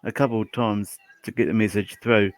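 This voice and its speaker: A man with a lowish voice joins a livestream chat, gruff and exasperated and fond of folksy exclamations. His voice sounds dry and close. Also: steady tone, brisk, no echo.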